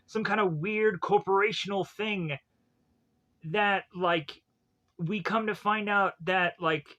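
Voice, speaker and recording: A man's voice: high voice, steady tone, takes it slowly, fairly bright tone, dull audio. A man from Georgia with a Southern US accent, reviewing a movie in a rambling, joking monologue full of asides. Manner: rambling, jokey asides and silly voices.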